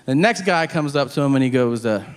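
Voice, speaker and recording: A man telling a stand-up story on a club stage into a handheld mic, animated and laughing at his own jokes. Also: medium pitch, fairly quick, clean tone, in a large hall. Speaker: stand-up comedian. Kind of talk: stand-up comedy.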